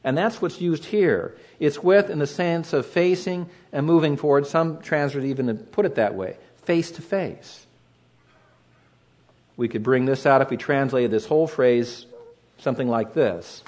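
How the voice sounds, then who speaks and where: A pastor giving a measured sermon, slowing down to stress key phrases as he reads and explains scripture. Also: fairly high pitch, a little mellow.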